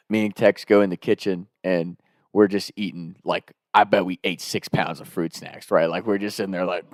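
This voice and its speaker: A man's voice: on the low side, dry recording, clean studio sound. Profane young man telling stories. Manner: animated, profane, laughing often. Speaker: storyteller. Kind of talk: casual storytelling.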